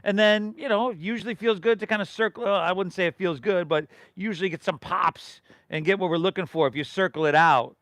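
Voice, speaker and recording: A man's voice: high-pitched, a little fast, hardly any pauses, fairly bright tone, dry recording, studio quality. A middle-aged man from leading a live yoga class, giving rhythmic breath and pose cues with casual, encouraging asides. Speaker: yoga instructor.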